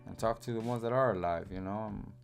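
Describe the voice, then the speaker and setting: A man co-hosts a live stream in relaxed, casual chat, speaking reflectively and dropping "you know" often. His voice is very low. Faint music plays behind him. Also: quick pace, vocal fry. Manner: laid-back, reflective, full of "you know".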